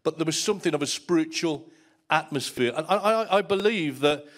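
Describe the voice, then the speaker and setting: Pastor preaching, higher-pitched man. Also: lively intonation, brisk. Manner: storytelling, repeats words when starting a thought. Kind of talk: sermon.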